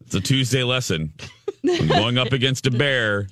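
A man's voice: mid-range voice, normal speed, loud music behind the voice. A man hosting a morning radio show, bantering casually and cracking jokes. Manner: joking, animated asides.

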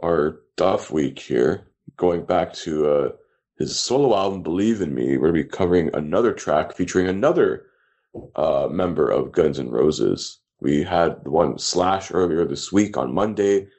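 A man co-hosting a podcast, chatting casually with quick teasing retorts and frequent laughter. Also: sits low, lively intonation, a little mellow. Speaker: podcast co-host. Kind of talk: casual joking chat.

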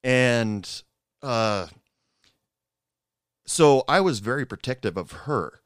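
Brief: middle-aged man, smooth low voice, dry close sound, rambling personal storyteller. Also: expressive, dry recording. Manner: rambling, halting, with frequent asides. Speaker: former bartender telling stories.

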